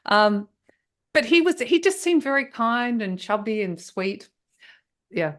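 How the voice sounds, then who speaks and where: A woman's voice: a little high, big pitch swings, unhurried. A woman guest in an interview telling a personal story with emotion. She often restarts her sentences and hesitates as she searches for words. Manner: emotional and breathless, with frequent restarts.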